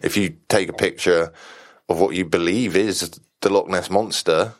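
A man co-hosting a podcast in casual chat, relaxed and musing, reasoning things out aloud with restarts. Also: low voice, normal speed. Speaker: podcast co-host.

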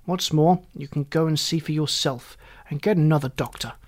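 Brief: reader as a cutting, bad-tempered old physician, loud and clipped. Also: medium pitch, a little slow, lightly acted. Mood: irritated. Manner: sharp, cutting, curt. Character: irritable, harsh older family doctor. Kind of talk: audiobook character voice.

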